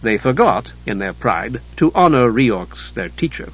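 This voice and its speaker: A man narrating a myth in a measured, deliberate storybook style. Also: medium pitch, sing-song, husky, lo-fi sound.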